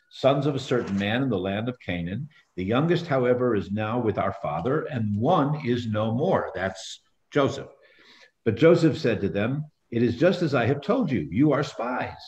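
A man reading scripture aloud in a measured, unhurried way, then leading a study group discussion over a video call. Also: mid-range voice, a little mellow. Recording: roomy, dull lo-fi video call audio.

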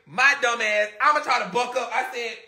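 A man on a live stream telling a storytime rant, animated and laughing as he talks straight to his viewers. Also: very high-pitched, a little fast, very noisy.

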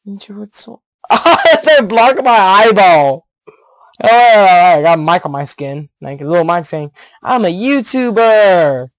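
A teenage boy giving rambling, excitable gameplay commentary on a headset mic, with giggles and sudden loud outbursts. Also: high-pitched, normal speed, dry recording, low-quality recording. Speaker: gaming YouTuber.

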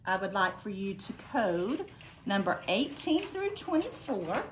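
Woman, teacher, phonics lesson, slow and deliberate, encouraging, lively pitch, echoey room. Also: slight background noise. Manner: encouraging, praising students by name; slow, deliberate letter-by-letter spelling.

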